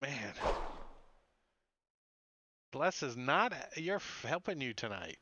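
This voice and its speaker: A man acting as game master who narrates a tabletop game with relaxed, chuckling asides. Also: medium pitch, takes it slowly, noisy background. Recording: dull lo-fi mic.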